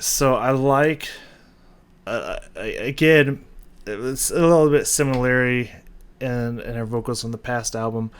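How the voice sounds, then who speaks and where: A man hosting a music reaction video, breaking down a song casually, with hesitant restarts and rhythms hummed aloud. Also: on the low side.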